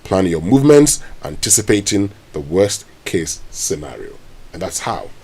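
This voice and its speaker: A man's voice: deep voice, big pitch swings, normal speed, a little mellow, husky. A man with a Ghanaian accent hosting a morning radio show, chatting and reading headlines in a conversational way. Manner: conversational, reads headlines aloud. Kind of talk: casual radio talk and newspaper review.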